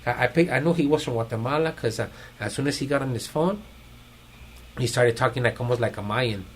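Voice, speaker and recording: A man's voice: medium pitch, a little fast, slightly rough, rough recording. A man hosting a podcast, telling stories in slangy, profane casual chat. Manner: slangy, profane storytelling with laughs. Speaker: podcast host.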